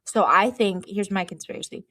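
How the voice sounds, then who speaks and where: A young woman co-hosting a sports podcast, with a mid-pitched voice recorded dry and close. She tells her stories in a wry, conspiratorial tone. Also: normal speed, bright, forceful tone, no room sound. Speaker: podcast co-host. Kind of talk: casual comedic sports chat.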